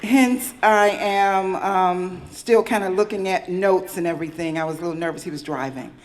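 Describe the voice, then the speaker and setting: A woman's voice: lowish voice, moderate pace, crowd noise, background noise. A middle-aged woman giving a candid, chatty award acceptance speech with frequent fillers. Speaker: award recipient.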